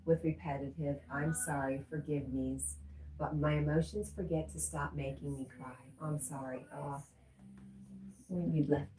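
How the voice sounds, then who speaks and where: A woman's voice: low voice, fairly even intonation, a little slow, warm tone, reverberant, rough recording. A middle-aged woman hosting a casual livestream, reading chat messages aloud and answering them with frequent laughter. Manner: reads chat messages aloud and chats back, laughing often.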